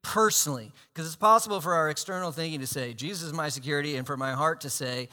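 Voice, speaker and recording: Pastor preaching a sermon, high bright voice, animated and dynamic, reverberant church hall. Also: male voice, quick pace. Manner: animated, swinging between loud emphasis and hushed asides.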